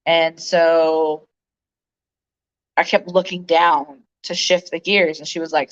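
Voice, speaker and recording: A woman's voice: sits low, fairly even intonation, unhurried. A woman hosting a livestream, chatting casually with viewers in a rambling way, full of fillers and laughs, recorded on a phone. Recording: dull lo-fi phone audio.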